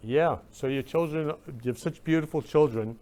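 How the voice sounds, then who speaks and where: A man's voice: on the high side, normal speed, dark tone, smooth. A male talk-show host in live-stream chat, effusive and emotional, repeating loving greetings over and over. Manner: emotional, gushing.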